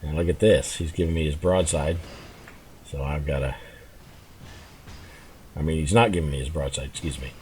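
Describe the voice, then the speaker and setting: A man giving relaxed, rambling commentary while playing a game, chuckling and restarting his thoughts as he goes. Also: a bass voice, normal speed, long pauses, a little hiss or hum. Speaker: gameplay commentator. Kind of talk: casual gameplay commentary.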